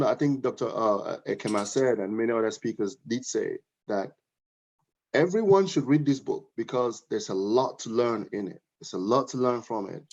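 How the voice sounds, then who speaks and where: A man giving an earnest, informal speech at a book launch, with halting restarts and repeated phrases. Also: medium pitch, a little mellow. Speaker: guest speaker praising a novel. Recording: dull lo-fi audio.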